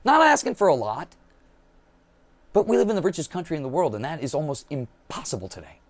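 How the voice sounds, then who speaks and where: A man rants bluntly and profanely in a monologue, mocking people by quoting them. His pitch swings widely as he talks. His voice sits a little high. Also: wildly swooping pitch, brisk. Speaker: political commentator. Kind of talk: impassioned monologue.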